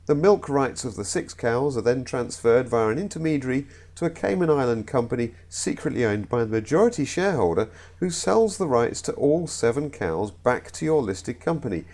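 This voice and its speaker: Playful man reading jokes, lively pitch. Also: moderate pace, hardly any pauses. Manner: playful, self-mocking. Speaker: comedy narrator. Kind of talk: jokey scripted narration.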